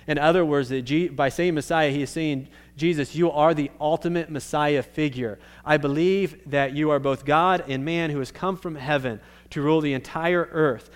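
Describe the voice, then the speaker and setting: A man's voice: a little high, smooth. A male pastor preaching a sermon in a conversational way, checking in with his listeners and restarting his phrases.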